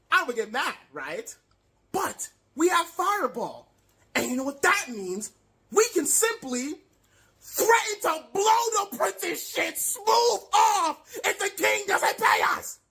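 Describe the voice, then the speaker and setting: A woman's voice: sits high, sharp tone, heavily acted. A woman voicing a pompous, greedy male half-elf archmage giving a comic campaign speech in a tabletop game. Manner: boastful, theatrical, stammers when worked up.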